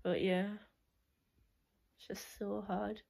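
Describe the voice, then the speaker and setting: A woman's voice: medium pitch, flat delivery, slow, vocal fry, a little mellow. A young woman reminiscing in a casual, rambling way, full of "like" and restarts, often laughing.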